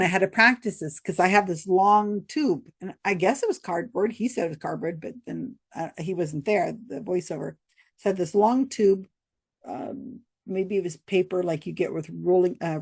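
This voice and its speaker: An American woman tells a story straight to camera, chatty and rambling, with frequent laughs. Her voice has a gravelly edge and a husky, slightly breathy grain. The sound is dry and close, with little room around it. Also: lowish voice, moderate pace, darkish tone, dry recording.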